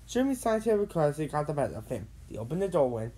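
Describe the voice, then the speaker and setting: Expressive low-voiced woman reading a storybook. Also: fast talker, hardly any pauses, slight background noise. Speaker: narrator. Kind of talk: storybook read-along.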